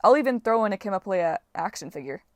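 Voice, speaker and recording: A woman's voice: mid-range voice, lively intonation, fast, dry recording, studio quality, natural voice. A woman reading an audiobook voices a young male demigod hero who talks earnestly and persuasively.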